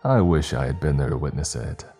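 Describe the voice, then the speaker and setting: A man's voice: a bass voice, fairly quick, faint music behind. A man voicing a smug, cold male doctor who runs a villainous plot. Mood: pleased. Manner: calm, approving.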